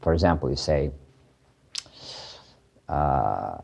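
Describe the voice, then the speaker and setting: Man, very low pitch, dark mellow tone, casual grammar teacher, halting delivery with quick example bursts. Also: vocal fry, husky. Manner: halting, many fillers and restarts, switching into quick Korean examples. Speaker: Korean language teacher. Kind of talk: casual explanatory lesson.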